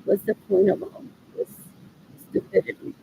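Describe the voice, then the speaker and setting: A woman's voice: mid-range voice, very animated, normal speed, creaky, dark tone, a little hiss or hum, rough recording. A woman talking in a rambling monologue, repeating phrases again and again and switching between English and Spanish.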